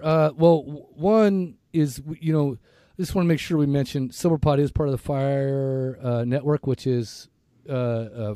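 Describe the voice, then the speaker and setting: A man's voice: mid-range voice, warm tone, no room sound, clean studio sound. A man with a sore throat co-hosting a casual podcast, rambling, restarting his sentences and joking at his own expense. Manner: rambling, stumbling, self-mocking. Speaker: podcast co-host. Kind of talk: casual chat.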